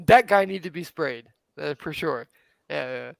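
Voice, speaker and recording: Animated high-voiced man telling stories. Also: measured pace, creaky, no room sound, poor audio. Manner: animated storyteller, jumps high acting out quotes. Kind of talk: casual chat.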